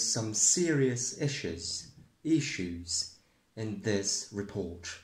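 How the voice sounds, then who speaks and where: A man doing a comedic mock newscast as the presenter, rambling and deadpan. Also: on the low side, drawn-out words. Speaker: parody news presenter. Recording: echoey room.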